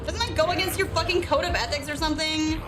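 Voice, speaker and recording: A woman's voice: sits high, fairly even intonation, fast talker, loud music behind the voice, poor audio. A woman commentating live on a horror game, crude and self-mocking, stressed, breaking into silly made-up songs. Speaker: streamer playing a horror game.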